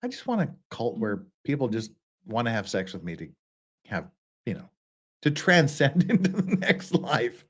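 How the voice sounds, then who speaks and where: A man's voice: medium pitch, huge pitch swings, moderate pace, breathy edge. A man hosting a casual live stream, rambling and joking with many restarts and asides. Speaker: streamer host. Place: lives in Korea.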